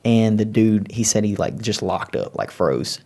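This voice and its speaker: A man's voice: lowish voice, lively intonation, a little slow, gravelly, a little mellow. A man, animatedly retelling a story on a podcast with quoted voices. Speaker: podcast co-host. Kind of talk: casual storytelling.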